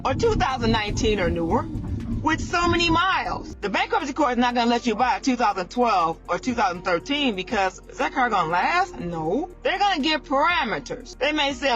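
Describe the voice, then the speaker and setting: A woman's voice: on the high side, very animated, normal speed, fairly bright tone, soft background music, low-quality recording. A woman hosting a casual podcast about buying cars, talking emphatically and repeating her points like a sermon. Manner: emphatic, repetitive, preachy. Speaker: car sales podcast host.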